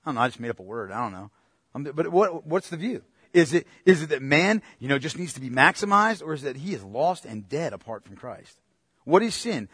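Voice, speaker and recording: A man delivering a teaching sermon in a loose, conversational manner, pausing often to check that his listeners are following. His delivery jumps from loud emphatic bursts to soft asides. The sound is dry and close. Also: a little high, husky, no room sound. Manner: animated swings from loud to quiet. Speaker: pastor.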